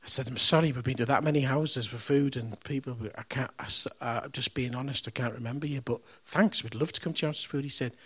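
A man preaching a sermon, telling a story in a conversational way that swings from loud, punchy lines to hushed, reverent moments. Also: medium pitch, fast talker, hardly any pauses, husky.

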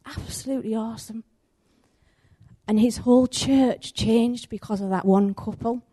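Woman giving an informal, anecdote-driven sermon at a natural middle pitch. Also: normal speed, slightly rough. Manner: animated, conversational, acts out the story's voices. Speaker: preacher. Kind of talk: sermon with storytelling.

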